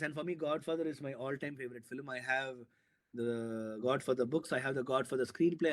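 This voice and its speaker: A man, a filmmaker from India, talking in an interview and excitedly retelling a film scene with sound effects and repetition. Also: medium pitch. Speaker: filmmaker guest. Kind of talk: animated storytelling in an interview.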